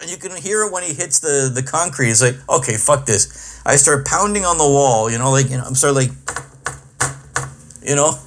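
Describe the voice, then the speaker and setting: A man's voice: fairly high pitch, lively intonation, fairly quick, fairly bright tone. A middle-aged man hosting a podcast, ranting in a profane, exasperated comic monologue. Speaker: podcast host and comedian.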